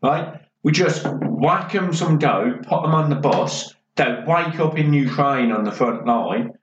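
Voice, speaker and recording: A man, co-hosting a podcast and rambling through dark comic stories with drunk banter. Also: fairly high pitch, measured pace. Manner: rambling, keeps checking with "right?". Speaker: podcast co-host. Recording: roomy, distant, dull and slightly noisy.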